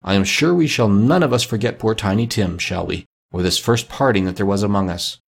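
A man reading Bob Cratchit, gentle grieving father. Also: on the low side, a little fast, vocal fry, breathy edge. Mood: tender. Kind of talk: audiobook reading.

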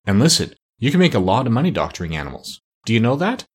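A man playing an uneducated, talkative cat's-meat seller with rough, colloquial speech. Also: mid-range voice, wildly swooping pitch, fast talker. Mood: pushy.

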